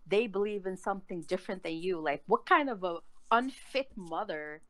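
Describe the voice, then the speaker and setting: A woman's voice: mid-range voice, moderate pace, no room sound. A woman in a heated casual chat, ranting angrily with a lot of swearing. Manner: angry, profane ranting.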